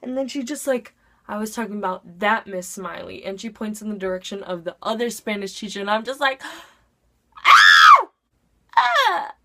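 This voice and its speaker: A woman's voice: medium pitch, a little fast, a bit bright. Chatty teen girl telling a storytime. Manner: chatty, breathless storytelling, heavy use of "like"; dramatic voice swings into acted quotes. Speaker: vlogger. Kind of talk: storytime vlog.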